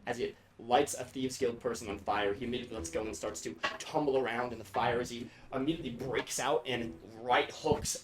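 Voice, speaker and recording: A man narrating a tabletop game as game master, quickly and vividly setting the scene. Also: medium pitch. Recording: echoey room with background noise.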